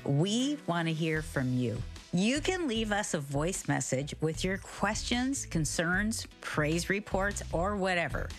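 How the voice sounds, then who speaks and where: A woman hosting a radio program, calmly inviting listeners to leave messages. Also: on the low side, takes it slowly, faint music behind. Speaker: radio host. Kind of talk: program announcements.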